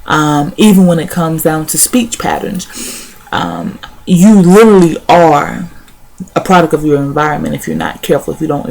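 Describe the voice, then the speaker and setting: A woman's voice: low-pitched, creaky, darkish tone. A young woman sharing her thoughts in a casual vlog, repeating words as she goes and dropping in "y'all" and "honey". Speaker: vlogger. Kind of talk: casual spoken reflection.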